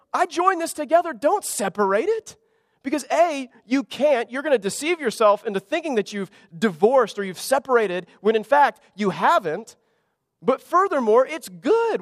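A man preaching a sermon as pastor, emphatic and playful, swinging from loud exclamations to hushed asides. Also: high-pitched, no room sound, clean studio sound, big-room sound. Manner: animated, emphatic preaching with humor and sudden drops to quiet.

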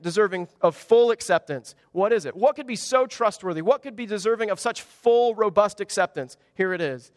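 A man preaching a sermon, emphatic, asking rhetorical questions and acting out the quotes he reads. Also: high-pitched. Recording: dry close mic with long hall reverb.

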